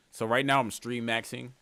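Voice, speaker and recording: A man's voice: medium pitch, sharp tone, no echo. A man livestreaming and chatting casually with his viewers, talking in slang, rambling and laughing often. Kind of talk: casual stream chat, reading chat aloud.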